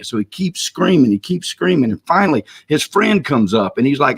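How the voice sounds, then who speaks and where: A man with a slightly husky, breathy voice co-hosts a casual online session. He speaks at a middle pitch and tells stories with animated swings, acting out the people in them. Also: a little fast. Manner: animated storyteller, acts out voices. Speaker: co-host. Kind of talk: casual webinar talk with storytelling.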